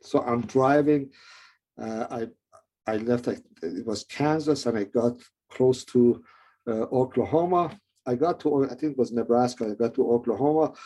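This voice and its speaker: A middle-aged man with a non-native English accent, telling his own story in a rambling, halting way with many restarts. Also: mid-range voice, darkish tone, husky. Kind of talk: personal testimony.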